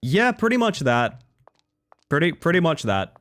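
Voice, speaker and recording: An Australian man chats casually with viewers while streaming a game, speaking unhurriedly in a high-leaning, somewhat bright voice with big pitch swings. He rambles, swears casually, and often cuts himself off to restart sentences.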